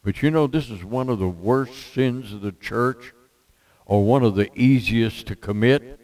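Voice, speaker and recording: A man's voice: medium pitch, unhurried, darkish tone, poor audio. An older man preaching a folksy sermon to his church, quoting scripture and telling jokes. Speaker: pastor.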